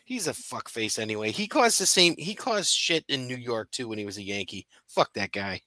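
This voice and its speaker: A man's voice: mid-range voice, animated, moderate pace, bright, forceful tone, no room sound. A man co-hosting a podcast in casual chat, laughing often, profane and rambling with restarts. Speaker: podcast co-host.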